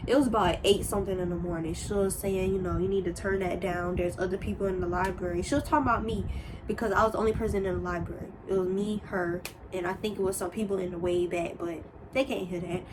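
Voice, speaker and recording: A young woman telling a casual storytime, rambling and animated, with sudden high exclamations. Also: quick pace, noisy background. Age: young adult. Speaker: storyteller vlogger.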